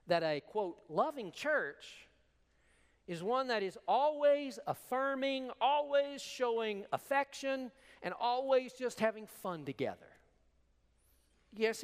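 A man preaching a sermon as pastor, emphatic and animated, with repeated words for stress. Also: sits high. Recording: long hall reverb.

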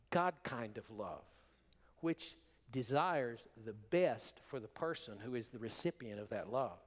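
A man preaching a sermon as pastor, emphatic and animated, with repeated words for stress. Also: mid-range voice. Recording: long hall reverb.

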